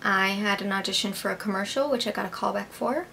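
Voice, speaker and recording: A young American actress hosts her own vlog, answering viewers' questions in a quick, medium-pitched voice that's creaky and sharp, with slight background noise. She's upbeat and chatty, saying "like" and "I believe" a lot.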